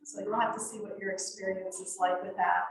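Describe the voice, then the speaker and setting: A woman's voice: medium pitch, level tone, a little fast, vocal fry. A woman yoga teacher leading a beginner workshop, chatty and rambling with fillers and laughs. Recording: very echoey room, distant mic.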